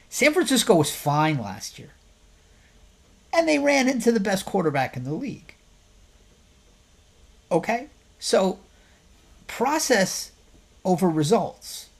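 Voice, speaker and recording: A man who works as a therapist, hosting a podcast and giving his opinion in a conversational way. He asks the listener rhetorical questions and gets louder and more emphatic when he makes a point. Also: high voice, very animated, slow, pauses often.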